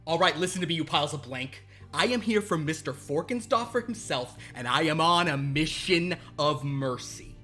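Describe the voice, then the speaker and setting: A man's voice: moderate pace, faint music behind. A man voicing an arrogant, abusive male cartoon wristwatch boss who barks and brags at his workers. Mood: condescending. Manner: loud, bullying, barking sales-pitch rant.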